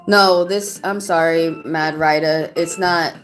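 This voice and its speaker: A woman's voice: low-pitched, fairly even intonation, takes it slowly, soft background music. Blunt, heated woman reading tarot. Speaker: tarot reader. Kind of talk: live-stream tarot reading.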